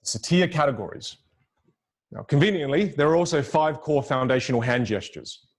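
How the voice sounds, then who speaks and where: Lively, demonstrative man coaching public speaking. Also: normal speed. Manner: lively, demonstrative, swings pitch widely for emphasis; repeats key phrases for emphasis. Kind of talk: presentation to a virtual audience.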